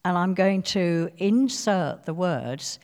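A woman giving a devotional sermon, speaking earnestly and pleading softly as she dwells on scripture. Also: fairly low pitch, expressive, takes it slowly, smooth, long reverb tail. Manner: earnest, pleading, soft when quoting scripture. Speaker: preacher.

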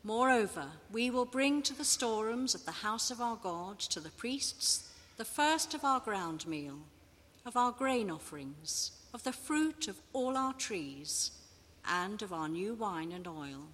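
A woman reading scripture aloud in measured, deliberate phrases. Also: mid-range voice, lively intonation, a bit bright, in a large hall, a little hiss or hum. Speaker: scripture reader.

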